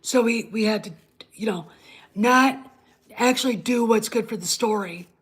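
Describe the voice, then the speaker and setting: Her voice is on the high side and breathy, with a measured pace. She hosts her own online show, ranting casually and bluntly to her live chat on a livestream and swearing plenty along the way.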